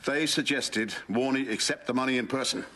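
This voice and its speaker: A man's voice: medium pitch, a little fast, pushed and bright, natural voice. An actor playing an upbeat, reassuring man in a TV soap scene. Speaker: soap opera character.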